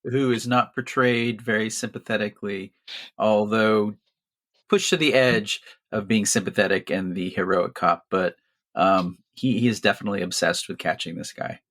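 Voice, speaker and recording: A man's voice: fairly low pitch, normal speed, fairly bright tone. Man adding dry asides on a podcast. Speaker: podcast co-host. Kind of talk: casual film discussion.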